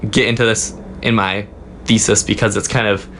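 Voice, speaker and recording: A young man, a student guest in a casual interview, telling a story in a halting way with many fillers. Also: on the low side, little pitch movement, a bit bright, slight background noise. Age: young adult. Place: office.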